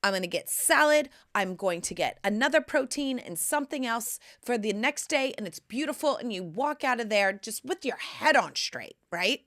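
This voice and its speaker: A woman hosting a podcast, telling candid, profane stories in a brash, animated way. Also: a little high, normal speed, few pauses. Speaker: podcast host. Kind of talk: candid storytelling monologue.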